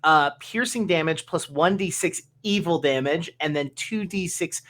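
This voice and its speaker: A man running a tabletop game as game master, tallying dice aloud in a measured way. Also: fairly high pitch, a bit bright.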